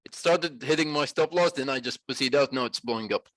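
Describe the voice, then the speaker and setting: A man chatting on a voice call, excitable and self-mocking, swearing freely. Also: medium pitch, fairly quick, dry recording. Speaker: caller on the voice chat. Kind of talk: casual chat on a voice call.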